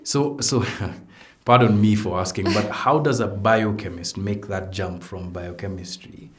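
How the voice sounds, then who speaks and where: A man's voice: on the low side, a little slow, slight background noise. A Kenyan man in his thirties hosting an interview, thoughtful and playful, slipping in Swahili phrases. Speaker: interviewer host. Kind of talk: conversational interview.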